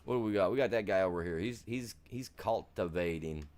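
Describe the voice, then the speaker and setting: A man's voice: on the low side, fairly quick, a little mellow. A man from the United States chatting casually on a game live stream, rambling through stories in a self-deprecating way.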